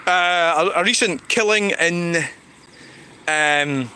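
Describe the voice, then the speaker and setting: A Scottish man walks a town street on a livestream, traffic rumbling behind him, rambling and cursing as he responds to viewers. His voice is a little high, with a sharp tone and a slow pace.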